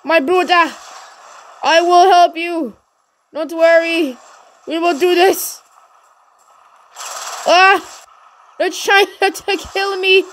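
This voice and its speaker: A high-pitched woman narrates her gameplay in bursts of energy, cheering on her teammate and yelling whenever things heat up. A faint hum of background noise sits under her voice. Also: slow pace, pauses often. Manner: energetic, shouts encouragement and cheers. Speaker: gaming channel host. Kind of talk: excited gameplay commentary.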